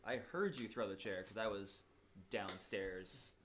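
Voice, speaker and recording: A man's voice: lowish voice, a little slow, fairly bright tone, slight background noise. A man on a casual podcast, blunt and sweary, with a dry manner.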